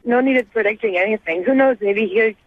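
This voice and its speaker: A woman's voice: fairly high pitch, fairly quick, dry recording. A woman calling in to a morning radio show, chatting in a gushing way with lots of "like". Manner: chatty, gushing, heavy use of "like". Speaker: caller. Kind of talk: phone-in chat on morning radio. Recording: tinny phone line, dry.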